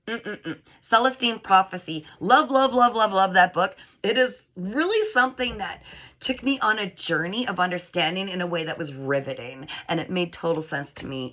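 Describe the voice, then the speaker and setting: Middle-aged woman psychic, chatty channeled reading to camera, crisp bright voice. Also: fairly low pitch. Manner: animated, chatty, acts out whiny voices. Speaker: psychic reader.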